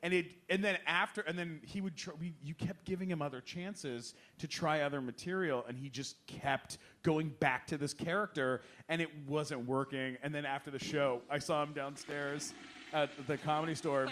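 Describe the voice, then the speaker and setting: A young man on a comedy podcast telling stories with lively acted-out quotes. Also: a little high, moderate pace. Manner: animated, acts out quotes with big voice swings. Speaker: guest comedian. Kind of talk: casual storytelling.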